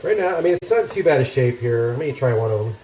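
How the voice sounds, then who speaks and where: A man's voice: mid-range voice, animated, fast, warm tone, echoey room, a little hiss or hum. A man chatting casually to his viewers while cooking in a home kitchen, rambling and poking fun at himself. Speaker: cooking streamer. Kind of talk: casual cooking chat with live chat.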